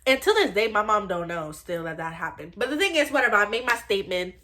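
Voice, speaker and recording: A young adult woman telling a personal story in a blunt, profane, animated storytime way. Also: mid-range voice, fast talker. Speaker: storytime vlogger. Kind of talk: casual storytime.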